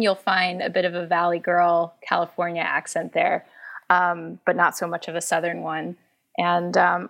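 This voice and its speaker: Relaxed low-voiced woman editor. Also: creaky. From Arizona. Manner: relaxed, many ums. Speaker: newsroom editor. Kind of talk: casual panel chat.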